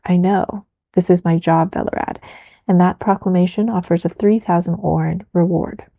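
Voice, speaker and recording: A woman voicing a calm, terse male witcher in a soft whispered role-play reading. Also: on the low side, normal speed, vocal fry, dry recording, highs cut off. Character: calm white-haired male witcher, terse monster slayer.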